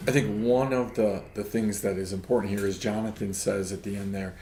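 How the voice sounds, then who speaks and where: A man's voice: on the low side, fairly even intonation, brisk, warm tone, roomy sound, a little hiss or hum. A man, a pastor co-hosting a casual ministry podcast, talking reflectively and checking in with "right?". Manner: reflective, adds "right?" often. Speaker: pastor, co-host.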